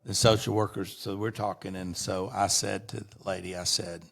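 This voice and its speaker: A man's voice: low-pitched, flat delivery, moderate pace, vocal fry, fairly bright tone. A middle-aged man, a guest on an interview show, telling long rambling anecdotes in a casual way and often restarting his sentences.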